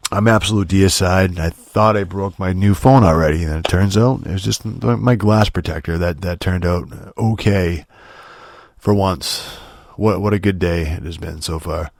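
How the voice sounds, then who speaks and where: A man's voice: low-pitched, measured pace, dry recording, studio quality. A man hosting a podcast, rambling and profane in a casual solo rant, with sarcastic asides and many restarts and filler words. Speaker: podcast host.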